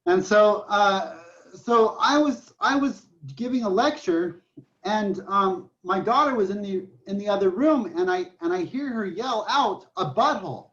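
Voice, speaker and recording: A man's voice: high-pitched, animated, unhurried, fairly bright tone. A man in his forties teaching a math class online, chatty and joking, telling stories between problems. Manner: joking, storytelling, chatty with restarts. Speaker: math professor. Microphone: computer mic on a video call. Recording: dull lo-fi online class audio.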